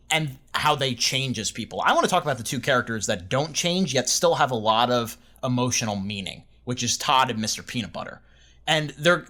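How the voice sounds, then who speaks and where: A man's voice: medium pitch, sharp tone. A man co-hosting a casual review podcast, joking at himself and laughing often. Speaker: podcast co-host.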